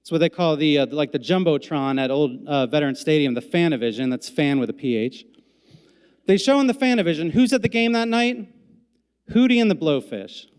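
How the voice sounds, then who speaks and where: A man with a high, smooth, resonant voice tells a comic personal story on stage with deadpan asides. His voice carries a long hall reverb from the live venue. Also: a little fast. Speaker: storytelling event MC.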